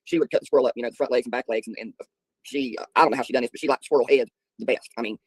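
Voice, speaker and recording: Man, middle-aged, streamer host; talks very fast, husky and raspy, casual yarn-spinning. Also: medium pitch, dry recording, low-quality recording. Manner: rambling, folksy storytelling with filler ums. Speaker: livestream host. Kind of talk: casual chat answering viewers.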